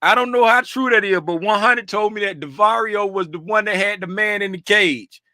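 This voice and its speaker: Male livestream host from Florida, high bright voice, animated and casual. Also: normal speed, dry recording, clean studio sound. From Fort Lauderdale, Florida. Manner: animated, greets chat by name, bursts of laughter and shouting. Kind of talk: casual livestream chat with viewers.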